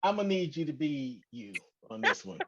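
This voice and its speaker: A man co-hosting a podcast, talking in a loose, conversational way with drawn-out phrasing. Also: mid-range voice, sing-song. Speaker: podcast co-host. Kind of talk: casual chat. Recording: dull lo-fi podcast audio.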